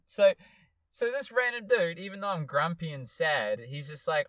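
Young aussie bloke telling a story, swears a lot, dry close sound. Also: male voice, a little high, normal speed, no room sound. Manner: swears often, animated storytelling with quoted voices. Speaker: podcast co-host. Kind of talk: casual chat, storytelling.

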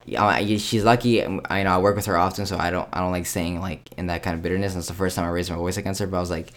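Deep-voiced young man telling a story. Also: racing. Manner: animated storytelling, acts out quoted exchanges; frequent restarts and "I'm like". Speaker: podcast co-host. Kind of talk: casual chat.

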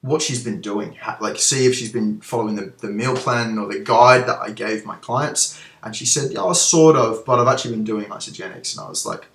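A man with a fairly low voice speaks openly in a relaxed interview, circling back and restarting his sentences as he reflects. The recording has a noticeable echo from the room. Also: fairly quick, few pauses. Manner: candid, rambling, self-reflective, many fillers and restarts. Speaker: guest, former gym owner. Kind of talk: casual interview chat. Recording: echoey room.

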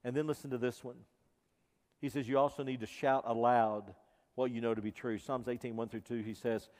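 A man preaching a sermon as pastor, impassioned, moving between loud emphasis and hushed intensity. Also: medium pitch, level tone, brisk. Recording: reverberant hall.

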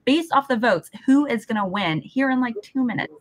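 A woman hosting a casual live stream, chatty and quick to laugh, swearing casually as she urges viewers to vote. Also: a little high, expressive, a crowd in the background, rough recording. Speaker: host.

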